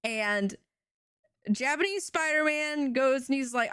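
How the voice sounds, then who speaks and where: A young woman streaming, retelling a show in an animated, rambling way with casual swearing. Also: high-pitched, measured pace, no room sound, studio quality. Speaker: VTuber streamer.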